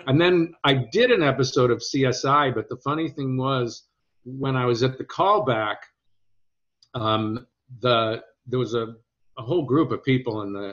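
A man in an interview recalls his acting work at an easy conversational pace, often restarting sentences. His voice sits in a middle pitch. The audio is dull and lo-fi. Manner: storytelling, hesitant restarts, quotes others in lively voices. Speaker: actor guest.

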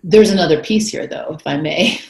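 A woman with a low voice speaks as an interview guest, reflective and personal. She moves between lively retelling and soft, near-whispered passages. The room around her is echoey. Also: fairly quick. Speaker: guest author. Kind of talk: conversational interview talk.

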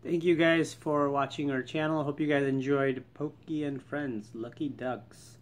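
A man closing a video for his channel in a relaxed, friendly way. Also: mid-range voice, a little slow. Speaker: channel host. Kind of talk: casual sign-off.

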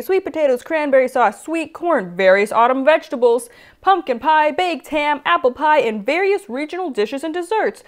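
A young American woman chatting playfully as a vlogger on a lapel mic, reading some history aloud quickly. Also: sits high. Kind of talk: casual vlog narration.

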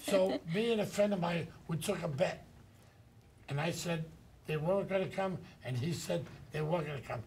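An older man hosting a talk show, telling rambling, animated stories. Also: on the high side, normal speed, gravelly, slight background noise. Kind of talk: anecdotal chat.

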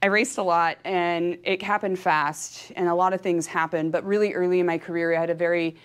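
Chatty high-energy woman talking to a crowd, heartfelt, laughs a lot, voice sits a bit low. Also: steady tone, fairly quick, smooth. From California. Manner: emotional and openly heartfelt. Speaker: professional cyclist giving a talk. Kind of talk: motivational talk to an audience.

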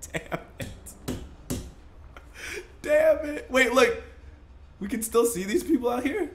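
A young man giving live gameplay commentary as a streamer, excitable, breaking into yells and laughs. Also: extremely high pitch, moderate pace, a little hiss or hum. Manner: excitable, yelling and laughing in bursts. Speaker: gaming streamer.

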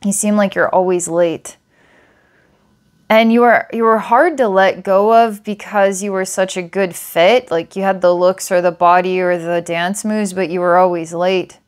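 A woman's voice: mid-range voice, steady tone, measured pace. A woman psychic giving a client a past-life reading, meandering with filler words and small laughs. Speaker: psychic reader.

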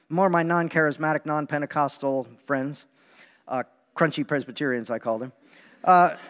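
A man preaching a sermon in an animated, joking way, acting out the voices he quotes. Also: on the high side, long reverb tail. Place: large meeting hall.

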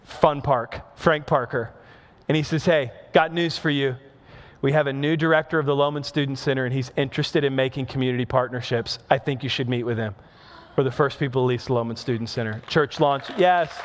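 A man in his thirties, a pastor preaching a sermon, telling a personal story with animated, self-mocking asides. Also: mid-range voice, fairly quick.

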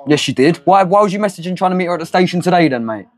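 A man's voice: high voice, lively intonation, rapid-fire. A man, taunting and accusing someone outdoors, peppering his lines with "mate". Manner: taunting, mocking, repeats "mate". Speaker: second confronter in a sting. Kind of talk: heated street confrontation.

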